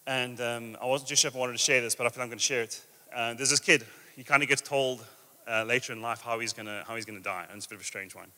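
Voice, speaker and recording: A man with a mid-range voice preaches a sermon to a live church audience, emphatic and energetic before easing into soft, drawn-out phrases. The hall is reverberant, with soft guitar playing behind him.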